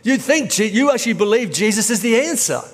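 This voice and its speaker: A man's voice: sits high, lively intonation, fast. A middle-aged man preaching a sermon as pastor, in a conversational storytelling way. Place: church auditorium. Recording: reverberant church hall.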